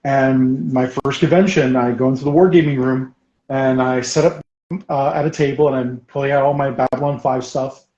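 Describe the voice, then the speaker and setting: Male guest, lively storyteller who laughs a lot, roomy and muffled audio. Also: mid-range voice, normal speed. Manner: animated storyteller, laughs often; painting while talking. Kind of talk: casual chat, storytelling. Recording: roomy, dull sound.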